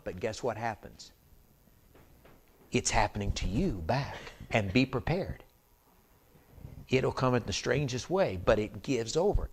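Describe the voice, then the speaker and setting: A male pastor preaching a conversational sermon, calling out to the congregation to check they follow. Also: medium pitch. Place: church sanctuary.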